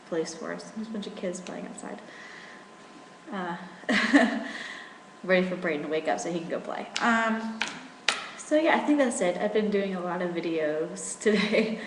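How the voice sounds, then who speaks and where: A woman's voice: lowish voice, reverberant, long reverb tail, noisy background. A young woman from rural in her twenties, chatting casually in a rambling vlog at home with lots of fillers. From rural Virginia. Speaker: vlogger.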